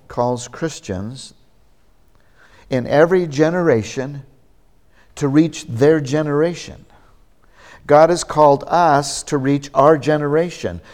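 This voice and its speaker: A pastor preaching a sermon, a man who speaks slowly and deliberately, pausing for emphasis. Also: a little high, darkish tone.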